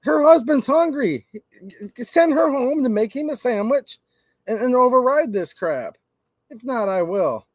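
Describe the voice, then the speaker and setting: A man's voice: very high voice, expressive, a little slow, no room sound, voice pushed up, exaggerated voice. A man voicing a brash male politician who takes command and taunts his rivals in a bossy way. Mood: taunting.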